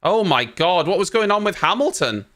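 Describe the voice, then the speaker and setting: Bright-voiced ranting man. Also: high-pitched, very animated, normal speed. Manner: exasperated, ranting, swears casually. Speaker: host of a race watchalong. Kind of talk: live reaction commentary.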